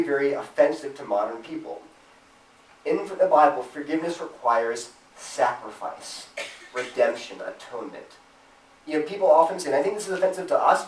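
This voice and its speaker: An earnest man lectures students with emphasis, his voice on the higher side for a man. He sounds set back from the mic in a roomy, echoing lecture room. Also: distant mic, slight background noise. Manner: earnest, emphatic, acts out imagined objections in a raised voice. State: choked up with emotion at times. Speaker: speaker at a campus Christian group. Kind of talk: apologetics talk to students.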